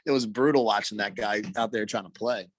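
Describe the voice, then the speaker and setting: A man's voice: on the low side, fairly even intonation, a little fast, no room sound. A man co-hosting a casual sports podcast, laid-back, calling everyone bro and man. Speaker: podcast co-host.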